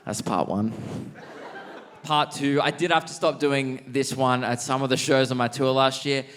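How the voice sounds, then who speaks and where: A man's voice: medium pitch, fairly bright tone. A man with an Australian accent doing a stand-up comedy set on a theatre stage, often laughing through his own lines. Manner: laughs mid-line at his own jokes. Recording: live theatre recording with faint crowd noise. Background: faint audience laughter.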